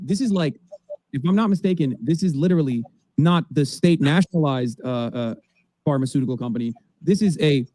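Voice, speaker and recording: A man's voice: on the high side, mellow, dry recording. A man in his thirties giving an emphatic, sarcastic political rant with swearing. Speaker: political streamer. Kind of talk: animated commentary rant.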